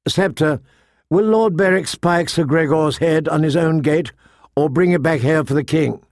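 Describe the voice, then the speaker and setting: A man's voice: a little high, normal speed, a little mellow, dry recording, studio quality, close to an everyday voice. A man doing a vain, haughty young noble girl. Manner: haughty, whiny. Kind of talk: audiobook reading.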